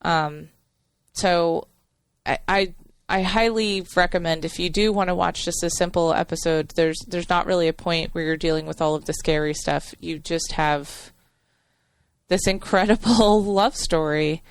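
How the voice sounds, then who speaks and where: A woman co-hosting a podcast, warmly retelling a TV episode in a rambling way with many fillers and restarts. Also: fairly low pitch, steady tone, unhurried, smooth. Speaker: podcast co-host. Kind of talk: casual chat.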